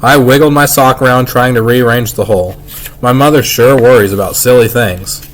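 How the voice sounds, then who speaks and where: A man's voice: medium pitch, moderate pace. Man reading a children's book aloud. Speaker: reader. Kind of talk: reading a children's novel aloud, first-person narration.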